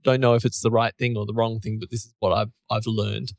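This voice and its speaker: A man's voice: fairly low pitch, level tone, brisk, vocal fry, dry recording, studio quality. A man, co-hosting a casual chat and explaining his thoughts at length with small restarts. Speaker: podcast co-host.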